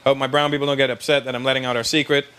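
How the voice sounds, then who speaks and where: A man's voice: medium pitch, flat delivery, racing. A male stand-up comedian, brash and teasing the crowd, on a noisy live stage recording.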